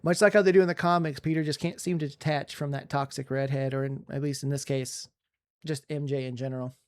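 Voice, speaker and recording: A man co-hosting a casual podcast, reviewing a movie in an excited, rambling way with lots of restarts. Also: medium pitch, a little fast, clean tone. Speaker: podcast co-host.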